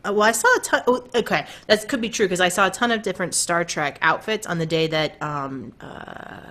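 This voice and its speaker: A woman chatting casually on an online show, halting and stumbling over her starts. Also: lowish voice, bright, forceful tone. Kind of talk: casual chat.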